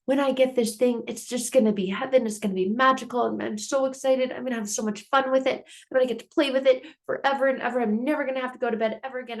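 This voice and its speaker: A woman's voice: high-pitched, pitched above the performer's own voice. A woman voicing a giddy little kid who wants a present, gushing in breathless run-on chatter.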